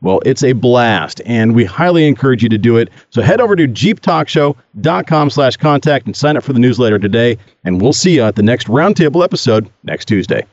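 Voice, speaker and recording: A man's voice: medium pitch, animated, a little fast, hardly any pauses, a little mellow, dry recording, muffled recording. A man hosting a podcast, chatting casually and joking. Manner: jokey, chuckling. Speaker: podcast host.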